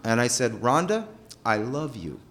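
A man's voice: measured pace, a little hiss or hum. A middle-aged man telling a personal story with emotion. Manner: emotional, animated, pitch rising and falling sharply.

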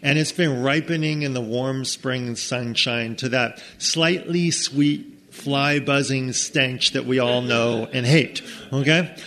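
Middle-aged male storyteller, chatty and mid-pitched, with aside-heavy delivery. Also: a little slow. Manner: conversational, frequent "okay?" asides, lively quoted voices. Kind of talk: told personal story.

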